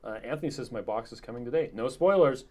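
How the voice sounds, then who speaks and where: A man co-hosting a live stream, chatting casually and reading viewer comments aloud in a relaxed, quiet way. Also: mid-range voice, fast talker. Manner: relaxed, reads chat messages in a quiet flat tone.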